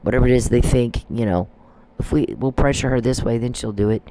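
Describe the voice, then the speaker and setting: A man's voice: medium pitch, brisk, mellow, a little hiss or hum. A man hosting a solo podcast, delivering an emphatic, repetitive and accusatory rant. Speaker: podcast host.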